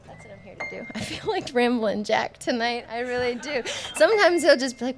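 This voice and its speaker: A woman's voice: on the high side, lively intonation, fairly quick. A woman singer-songwriter chatting between songs at a small club show, rambling and joking and laughing often. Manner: jokey, laughing often, self-deprecating. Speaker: singer-songwriter performing live. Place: small music club stage. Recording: live club sound with guitar under speech.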